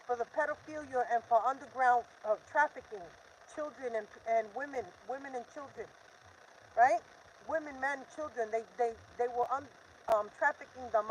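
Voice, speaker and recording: A woman's voice: high-pitched, slight background noise, low-quality recording. An older woman hosting a live stream, talking in an urgent, defiant, repetitive rant. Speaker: livestream host.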